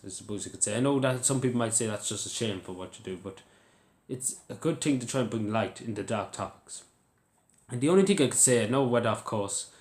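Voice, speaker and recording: An Irish man talking to camera in a casual vlog, emotional and rambling, repeating himself as he goes. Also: fairly low pitch. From Ireland. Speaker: YouTuber. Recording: roomy echo.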